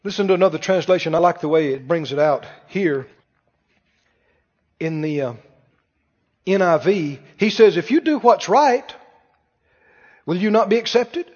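A man preaching a sermon, animated and full of rhetorical questions to the congregation. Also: sits high, normal speed, long pauses. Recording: muffled sound with long hall reverb.

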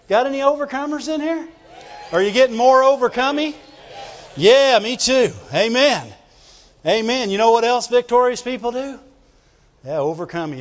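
A very high-pitched man preaches an emphatic sermon, often breaking into shouts and calling on the congregation to answer him. His voice rings with a long reverb through a large church sanctuary. The sound is dull and muffled.

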